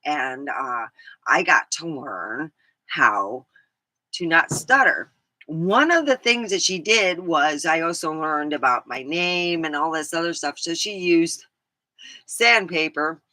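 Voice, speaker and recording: A vlogger from California with an English-tinged American accent tells rambling, casual stories, laughing and saying "um" a lot. Her voice is low, expressive, slow, pushed and bright, on a dry recording.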